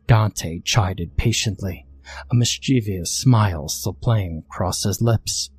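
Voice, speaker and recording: Male horror story narrator, deep, husky, slow, measured. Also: lively intonation, darkish tone.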